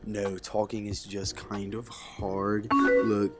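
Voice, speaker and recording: This young man, a let's play host, speaks slowly in a low, level voice while game music plays. Blunt and heated, he curses constantly as he narrates an angry story and reacts to the gameplay.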